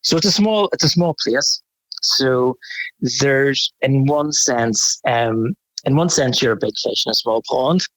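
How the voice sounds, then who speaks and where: A Northern Irish man, a photographer guest, chatting casually in a rambling, animated way with frequent restarts. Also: mid-range voice, unhurried, dry recording, low-quality recording. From Northern Ireland. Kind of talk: casual interview chat.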